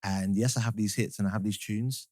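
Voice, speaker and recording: A man with a Southampton English accent talks quickly and with animation in a relaxed podcast chat. He acts out other people's lines as he tells stories and often repeats words while finding his thought. The sound is close and dry. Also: lowish voice, no room sound. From England. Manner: animated storyteller, acts out quotes, repeats words when starting. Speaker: guest singer.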